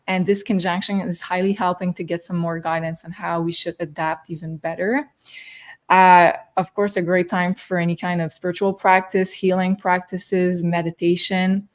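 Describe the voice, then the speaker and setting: A woman with a fairly low voice hosts an astrology show, speaking at a moderate pace. Her casual spiritual chat is loose and relaxed, as if searching for words, with lots of fillers.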